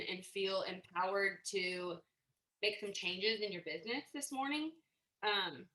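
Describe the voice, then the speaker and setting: A woman giving an energetic motivational talk, emphatic and acting out little quotes. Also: mid-range voice. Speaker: motivational speaker. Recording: echoey room.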